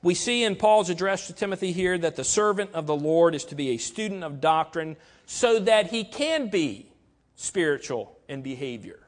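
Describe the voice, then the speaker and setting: A man preaching a sermon, emphatic and deliberate, slowing down to stress key words. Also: fairly high pitch, animated.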